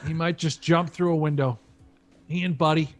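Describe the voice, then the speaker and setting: A man's voice: on the high side, steady tone, normal speed, faint music behind. A man commentating a live poker stream, chatty and joking, thinking aloud between hands.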